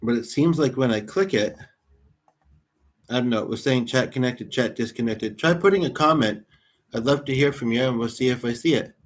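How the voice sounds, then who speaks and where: A man's voice: medium pitch, fairly quick. A man in his thirties from Canada, hosting a casual livestream and chatting in a rambling way with viewers in the chat. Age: 30s. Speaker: livestream host.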